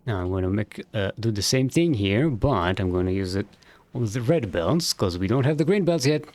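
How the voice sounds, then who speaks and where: A man's voice: fairly low pitch, expressive, normal speed, darkish tone. A man streaming a factory game, thinking aloud in a loose, rambling way and swearing now and then. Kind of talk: casual gameplay commentary.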